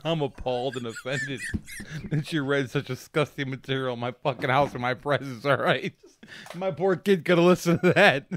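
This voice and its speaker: A man's voice: mid-range voice, normal speed, noisy background. Crude teasing male podcast co-host. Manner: teasing, crude and heavily profane. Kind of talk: casual comedic banter. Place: his own house.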